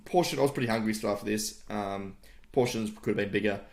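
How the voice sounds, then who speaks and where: A man co-hosting a podcast, relaxed and casual, laughing often and using easy slang. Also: lowish voice, fast. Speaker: podcast co-host. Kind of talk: casual chat.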